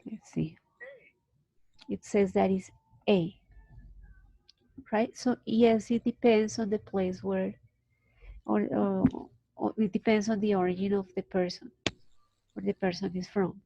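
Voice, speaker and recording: A woman's voice: medium pitch, level tone, creaky, warm tone, dry recording. Colombian woman teaching English, patient. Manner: patient, explains slowly with restarts. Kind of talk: online class explanation.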